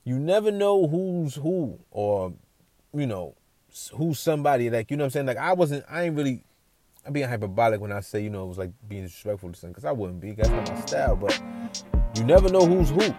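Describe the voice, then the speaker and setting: A man's voice: mid-range voice, animated, fast, mellow, no room sound, faint music behind. A man telling a casual story as a podcast host, slangy and repeating himself while checking in with the listener.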